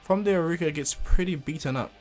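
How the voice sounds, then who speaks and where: A man's voice: a little high, quick pace, a little mellow, faint music behind. A man casually retelling a fan story, rambling with frequent fillers and restarts.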